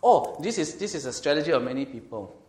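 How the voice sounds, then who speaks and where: A man with a Singaporean English accent preaching a sermon as a pastor, swinging between loud and quiet delivery and acting out quoted speech. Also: on the high side, quick pace, echoey room. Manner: lively, swings from loud to quiet, laughs often, acts out quotes.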